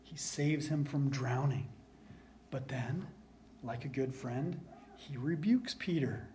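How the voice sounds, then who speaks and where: A man preaching a sermon as pastor, earnest, repeating key lines for emphasis and dropping to a soft hush at times. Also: medium pitch, slow pace, a little hiss or hum.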